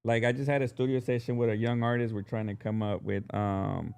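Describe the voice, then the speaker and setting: A man's voice: lowish voice, level tone, brisk, vocal fry, a little mellow, smooth. Laid-back male podcast host. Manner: laid-back, filler-heavy slang, frequent "bro" and "dude". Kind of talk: casual interview chat.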